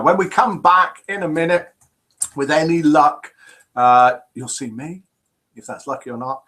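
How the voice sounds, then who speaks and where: A man with a British accent hosting a live web show from a small room, chatting casually and reading out viewers' names. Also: on the high side. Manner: chatty, relaxed, reads out viewers' names and comments. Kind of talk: casual live-stream presenting. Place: small home studio room. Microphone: webcam live broadcast.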